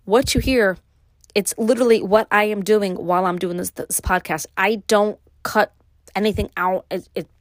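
A middle-aged woman with a Brooklyn accent hosting her own podcast, talking alone in a casual, rambling way with many pauses and restarts. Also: medium pitch, no echo, clean studio sound. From New York. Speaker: podcast host. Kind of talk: casual solo podcast monologue.

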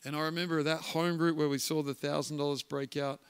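Animated man preaching in a reverberant church hall. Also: on the high side, brisk, smooth. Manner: animated storyteller acting out voices. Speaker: guest preacher. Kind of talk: storytelling sermon.

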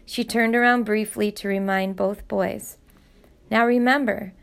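Woman, audiobook narrator, expressive storytelling, gravelly vocal fry, mid-range pitch. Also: measured pace.

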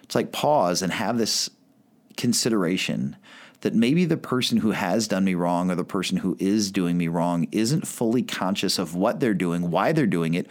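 A man with a deep, low-pitched voice delivers a sermon. He keeps it conversational, with plenty of "like" and self-corrections, as though chatting with his listeners rather than orating. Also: moderate pace. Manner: conversational preaching with frequent "like" and restarts. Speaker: pastor.

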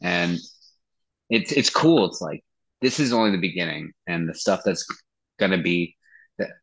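A man with a somewhat low voice talks about his singing in a relaxed interview. He tells his stories in an animated way and swears freely. His speech is loose and conversational, full of fillers. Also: moderate pace. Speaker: band vocalist. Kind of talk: casual interview chat.

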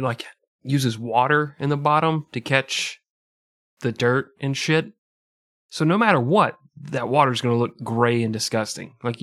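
A man's voice: mid-range voice, fairly bright tone, dry recording, clean studio sound. A man co-hosting a podcast, riffing and joking crudely in casual banter. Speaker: podcast co-host.

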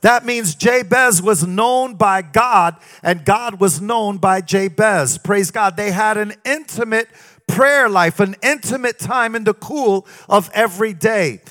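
A male preacher with a high, bright, forceful voice. He delivers his sermon in a rising, sing-song preaching cadence and keeps breaking in with exclamations of praise. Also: unhurried.

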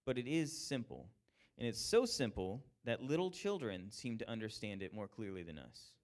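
A young man gives a casual evening sermon. His delivery is animated and conversational, with jokey asides. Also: medium pitch.

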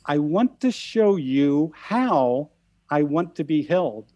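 A man voicing a small, gentle pet cat that talks in a dream, making soft, simple requests in a little cat voice. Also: fairly high pitch, animated, slow pace, no room sound, dull audio.

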